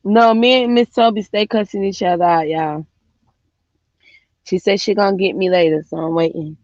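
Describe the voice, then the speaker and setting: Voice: mid-range voice, fairly even intonation, normal speed, a little mellow, dry recording, highs cut off. A co-host chatting casually on a live stream, blunt and profane in a colloquial way. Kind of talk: casual chat.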